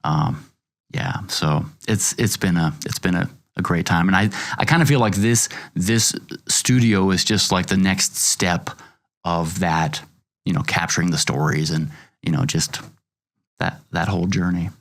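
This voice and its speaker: A middle-aged man, a podcast host, talking in a halting, earnest way, often repeating words as he thinks. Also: deep voice, gravelly, fairly bright tone. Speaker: podcast host and magazine founder. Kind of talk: casual chat.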